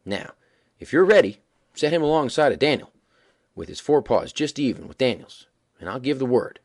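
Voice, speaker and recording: Guy doing a laid-back bragging frontier gambler, drawls it out, husky. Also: mid-range voice, huge pitch swings, brisk, heavily acted. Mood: easy careless. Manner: drawling, folksy, careless. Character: boastful frontier gambler, easygoing man.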